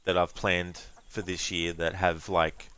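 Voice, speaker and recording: A man's voice: low-pitched, flat delivery, measured pace, crowd noise. A man streaming a game, chatting casually and rambling to his viewers. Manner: chatty, rambling, thanking viewers, breaks into silly voices and laughs. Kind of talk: casual live-stream chat.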